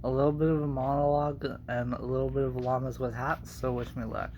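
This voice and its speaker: A man's voice: medium pitch, little pitch movement, brisk, darkish tone, a little hiss or hum. A young man and aspiring voice actor in a casual vlog, talking in a hesitant, self-deprecating way.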